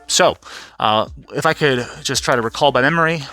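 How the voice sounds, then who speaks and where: A man's voice: mid-range voice, fairly quick, sharp tone, faint music behind. A man recapping events in a casual, profane, rambling vlog rant, laughing often and mimicking people. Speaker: vlogger.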